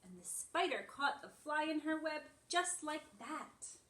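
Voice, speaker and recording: A woman preschool teacher reading a picture book aloud to young children in an animated storytelling voice. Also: sits high, slow. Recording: echoey room, voice from far off.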